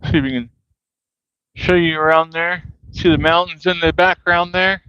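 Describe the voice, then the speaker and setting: A man's voice: fairly high pitch, steady tone, normal speed, sharp tone, clear, resonant tone, no room sound, lo-fi sound. A man walking outdoors in the cold wind, talking to his livestream from a handheld phone and ranting angrily with lots of swearing. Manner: casual folksy talk with y'all. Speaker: vlogger. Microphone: handheld phone at arm's length.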